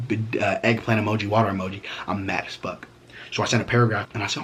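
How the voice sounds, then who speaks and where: A man's voice: fairly low pitch, steady tone, racing, fairly bright tone, slight background noise. A young man vlogging a storytime, talking casually with heavy slang, swearing and fillers.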